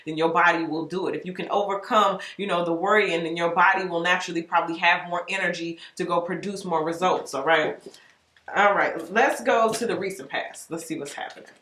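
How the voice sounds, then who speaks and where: A woman's voice: on the low side, fairly bright tone. Chatty tarot-reading woman, echoey room. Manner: chatty, explains with acted-out examples. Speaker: tarot reader. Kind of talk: casual tarot reading monologue.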